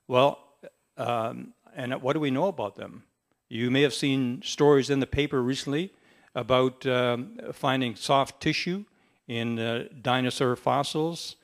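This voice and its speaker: A man hosting an event, introducing the guest speaker in a relaxed way with frequent fillers. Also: medium pitch, measured pace. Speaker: event host.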